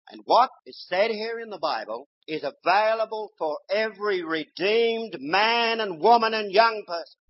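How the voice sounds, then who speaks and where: An older man preacher delivering a sermon, swinging from loud exhortation to quiet, low storytelling. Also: expressive, moderate pace. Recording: dull lo-fi sermon recording.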